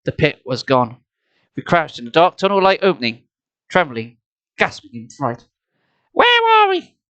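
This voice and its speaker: A man's voice: mid-range voice, lively intonation, normal speed, fairly bright tone. Man narrating a storybook live. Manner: playful, self-mocking asides between narration. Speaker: streamer reading aloud. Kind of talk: live storybook reading with asides. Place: home streaming setup. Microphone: desk mic, laptop.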